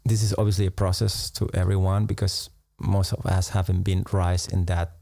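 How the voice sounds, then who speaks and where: Low gravelly man, musing meditation talk. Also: little pitch movement, dry recording. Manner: unhurried, musing, laughs softly between thoughts. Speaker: meditation teacher. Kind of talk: reflective live-stream talk.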